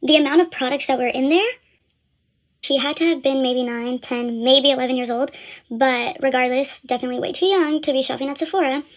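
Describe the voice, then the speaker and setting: A woman's voice: high voice, a little fast. A young woman who works in retail, telling a story in a casual, blunt way with lots of fillers and some swearing. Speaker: retail store employee.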